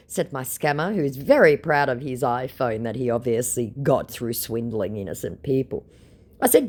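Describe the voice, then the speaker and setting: A woman's voice: a bass voice, big pitch swings, moderate pace, darkish tone. An Australian woman narrating chats with scammers in a sarcastic, mocking way. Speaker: scambaiter host. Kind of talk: storytelling commentary, reading out chats.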